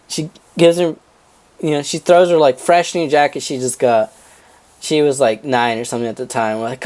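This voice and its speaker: A man's voice: fairly high pitch, normal speed. A young man on a casual podcast, telling a family story with lots of swearing and laughter and acting out relatives' voices. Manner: animated, acts out family members' voices, swears freely, laughs mid-story. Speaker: podcast co-host.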